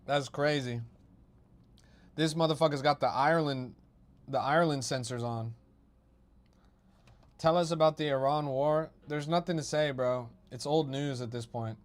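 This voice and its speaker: A man's voice: a little high, a little slow, pauses often. Profane young man ranting at his stream chat. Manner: profane, mocking, rants at chat. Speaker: crypto livestreamer. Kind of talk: livestream chat commentary.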